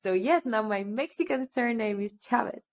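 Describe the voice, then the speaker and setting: A woman's voice: on the high side, normal speed. A woman in her twenties from North Macedonia, a teacher chatting with enthusiasm in an interview, gushing and laughing often. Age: 20s. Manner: bubbly, gushing, laughs often, says "oh my God". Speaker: guest, English teacher. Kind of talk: casual interview chat.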